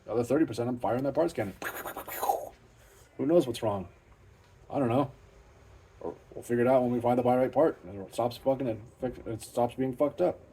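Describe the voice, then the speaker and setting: A man's voice: medium pitch, fairly quick, pauses often, mellow, slight background noise. Blunt cussing guy in his garage. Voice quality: profane, blunt and plain-spoken. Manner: self-deprecating, matter-of-fact. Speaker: car channel host. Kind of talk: off-the-cuff garage vlog. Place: home garage.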